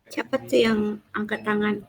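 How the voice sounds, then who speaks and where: A woman's voice: mid-range voice, little pitch movement, normal speed, gravelly, a little hiss or hum, low-quality recording. A woman, moderating a class presentation with brief, informal announcements.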